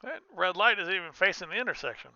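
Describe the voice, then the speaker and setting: Gaming streamer, male, bright clean tone, rambling casual commentary, dry close mic. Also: high-pitched, animated, quick pace, dry recording, dull audio. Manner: rambling, self-interrupting, chatty.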